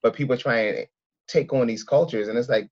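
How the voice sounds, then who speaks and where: A man's voice: medium pitch, brisk, darkish tone. A man, chatting as an interview guest and telling rambling stories full of acted-out quotes. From Philadelphia. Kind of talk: casual interview chat. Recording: dull lo-fi sound.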